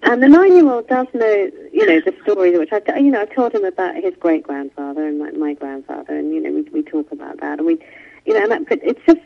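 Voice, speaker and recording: A woman's voice: on the low side, very animated, fast talker, gravelly, lo-fi sound. A woman author, speaking in an interview from London and talking with many restarts and asides. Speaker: author guest. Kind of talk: remote interview conversation. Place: home in London.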